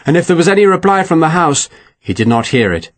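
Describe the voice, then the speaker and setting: A man narrating an audiobook with expressive, dramatic reading. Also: fairly high pitch, fast.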